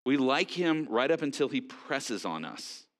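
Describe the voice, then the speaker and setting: A man preaching a sermon in a conversational, animated way, with frequent fillers and restarts. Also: mid-range voice, measured pace. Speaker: pastor.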